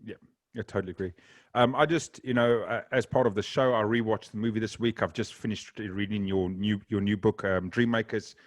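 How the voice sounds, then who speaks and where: A man's voice: on the low side, fairly even intonation, a little fast, no room sound, clean studio sound. A man hosting a podcast interview, asking questions casually with frequent hesitations. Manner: casual, hesitant, many ums. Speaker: podcast host.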